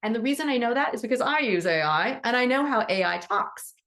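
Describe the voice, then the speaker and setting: A woman's voice: a little high, animated, fairly quick, a bit bright. A woman who teaches animal Reiki, hosting a casual support call, chatty and encouraging as she acts out bits of dialogue. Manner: motivational, affirming.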